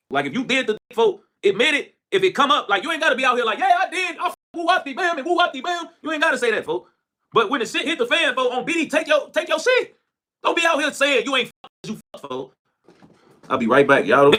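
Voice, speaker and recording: A young man with a Chicago accent rants loudly to his livestream viewers, his voice sitting high and bright. His pitch swings all over the place as he jokes, curses and drops into mock voices. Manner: loud, profane, joking, slips into mock voices. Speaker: livestream host. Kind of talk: casual rant to a livestream audience.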